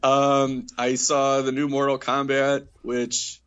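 A man co-hosting a podcast in casual chat, rambling with many fillers and quick giggles. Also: medium pitch, completely flat delivery, fairly bright tone, clean tone, muffled recording. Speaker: podcast co-host.

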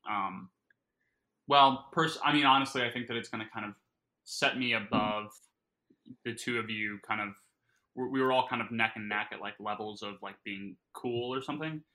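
Male podcast co-host, very bright sharp tone, rambling jokey delivery, talks with his mouth full. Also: fairly low pitch, normal speed, rough recording. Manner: joking, rambling, many fillers. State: talking while eating. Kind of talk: casual podcast banter.

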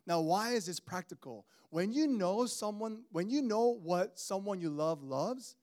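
A man in his thirties preaching a sermon in an animated, conversational way, calling out to the congregation. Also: sits high, unhurried, hardly any pauses. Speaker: pastor.

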